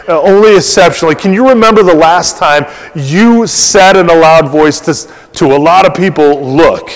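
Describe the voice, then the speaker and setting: A middle-aged man preaching a sermon as pastor, chatty and conversational, full of fillers and restarts, acting out quotes with animation. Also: high-pitched. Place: church sanctuary. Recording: long reverb of a church hall.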